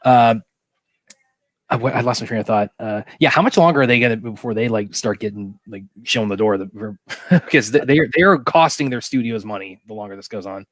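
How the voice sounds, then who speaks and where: A man co-hosting a live stream remotely, talking in halting bursts and repeating words as he thinks. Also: lowish voice, fairly bright tone, no echo. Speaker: co-host. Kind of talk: casual live-stream chat.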